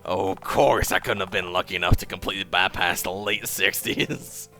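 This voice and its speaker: A man's voice: deep voice, normal speed, pushed and bright, soft background music. A man doing a drawling space cowboy. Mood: exasperated. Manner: drawling, says partner and tarnation. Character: space cowboy gunslinger man, gruff and proper.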